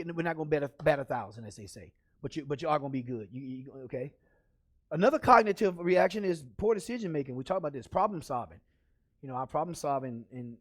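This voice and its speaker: Animated, high-voiced encouraging man. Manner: encouraging, repetitive, animated with sudden loud outbursts. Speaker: leadership speaker. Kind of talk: motivational talk to camera. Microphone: camera.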